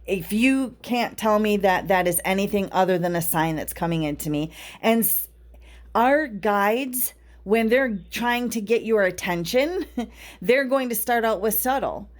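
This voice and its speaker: A woman podcast host talks casually in a middle pitch. She tells a personal story and keeps checking in with her listeners through tag questions. Her talk is loose and conversational, with no script. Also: expressive, a little slow. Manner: chatty storyteller, often adds tag questions. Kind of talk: casual spiritual podcast monologue.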